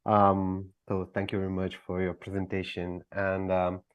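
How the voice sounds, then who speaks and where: A man's voice: sits low, completely flat delivery, moderate pace, smooth, no echo. A man moderating an online discussion, thanking the speaker and hesitantly building up a question. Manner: hesitant, repeats words while forming a question. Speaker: workshop moderator. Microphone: online video call.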